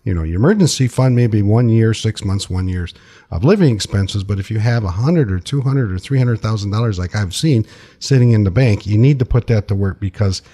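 A man with a husky, somewhat low voice talks money in a relaxed, folksy way on a radio show. He restarts phrases and repeats words as he explains. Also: brisk. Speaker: financial advisor guest. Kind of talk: casual radio talk.

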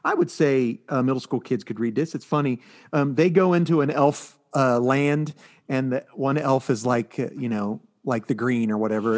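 A man's voice: medium pitch, normal speed. Rambling man chatting casually. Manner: rambling, filler-heavy storytelling. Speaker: podcast co-host reviewing comics. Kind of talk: casual chat.

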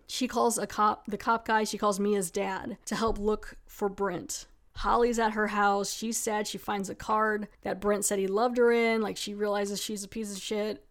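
A young woman talks through a movie plot in a loose, conversational way. Her voice sits at an ordinary middle pitch. She fills her sentences with "like" and drops dry little asides. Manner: chatty, frequent "like" fillers, wry asides. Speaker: movie reviewer. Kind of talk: casual spoiler-heavy film recap.

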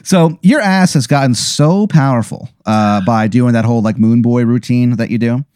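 In clean studio sound with no echo, a man with a slightly mellow, clean mid-range voice speaks at normal speed. He's improvising a comic scenario as the storyteller, rambling with fillers and laughing at his own bits in this improvised comedic narration.

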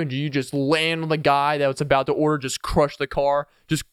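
A man's voice: fairly high pitch, little pitch movement, measured pace, fairly bright tone, smooth, no echo, clean studio sound. A man hosting a casual solo podcast, rambling playfully and chuckling as he goes. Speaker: podcast host.

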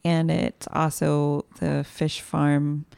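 A woman's voice: low-pitched, flat delivery, slow pace, gravelly, dark tone, smooth. A woman co-hosting a podcast, telling a travel story in a chatty, giggly way. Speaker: podcast co-host. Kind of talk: casual podcast chat.

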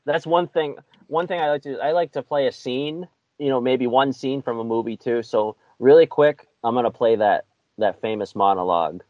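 Easygoing rambling podcast host. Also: male voice, medium pitch, moderate pace, no room sound, lo-fi sound. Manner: easygoing, rambling, with lots of fillers. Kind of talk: casual film-review chat.

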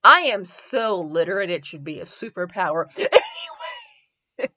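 A woman's voice: lowish voice, expressive, normal speed, sharp tone, dull audio. A woman with a Midwestern accent who hosts a comedic fanfiction reading show, rambling and giggling as she reads. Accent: Midwestern American. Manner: giggly and rambling, with frequent laughter. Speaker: fanfiction reviewer and host.

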